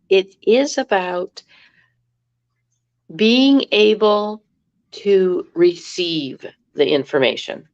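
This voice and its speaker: A woman's voice: medium pitch, vocal fry. Reflective middle-aged woman, lo-fi. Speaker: guest. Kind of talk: casual spiritual astrology chat.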